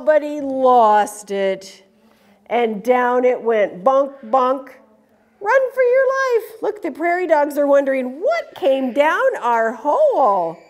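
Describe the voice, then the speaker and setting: Animated sing-song storytime woman. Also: high-pitched. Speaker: children's storyteller. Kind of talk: storytime read-aloud to children.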